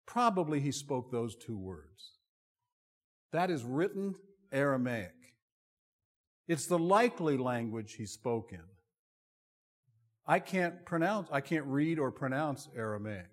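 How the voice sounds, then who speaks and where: A middle-aged male pastor preaching a sermon in an expressive, conversational and self-deprecating way. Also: fairly high pitch. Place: church sanctuary. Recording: long reverb of a large hall.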